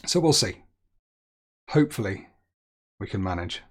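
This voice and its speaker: This young man's voice is on the low side, animated yet unhurried, as he streams a geography guessing game. He thinks aloud throughout his gaming commentary and makes light of his slip-ups.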